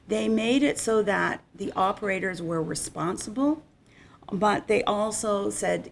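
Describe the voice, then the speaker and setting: A woman's voice: medium pitch, normal speed, vocal fry, slight background noise. A middle-aged woman giving an unscripted, conversational conference presentation on insurance. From Canada.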